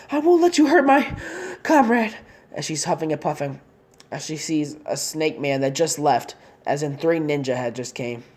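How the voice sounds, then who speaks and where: A woman's voice: low voice, darkish tone. A woman casually narrating a fan-made story in long, rambling run-on sentences.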